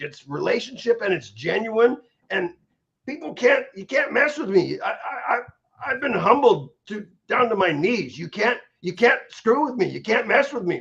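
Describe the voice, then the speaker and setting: A middle-aged man telling his story as a stroke survivor in an energetic, candid interview, often repeating words as he starts sentences. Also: high-pitched, creaky. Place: in Los Angeles area. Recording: muffled lo-fi audio.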